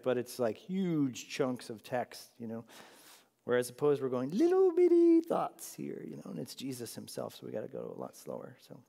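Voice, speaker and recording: A man leads a Bible study for a room of listeners, talking loosely and laughing often as he goes. His voice has a medium pitch and carries a long hall echo. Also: creaky. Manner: chatty, laughs often, asks the room "right?". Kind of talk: casual classroom teaching. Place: large room with a group of listeners.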